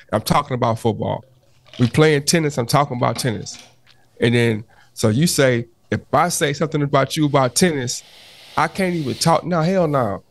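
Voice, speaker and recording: Animated man arguing in casual podcast chat. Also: medium pitch, vocal fry. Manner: animated, restarts often, repeats "hold on" to cut in. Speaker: podcast co-host.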